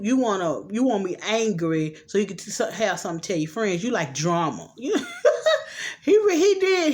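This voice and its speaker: As a show recap host, a middle-aged woman runs through a TV episode casually, performing the characters' dialogue with animated, slang-filled asides. Her voice sits on the high side.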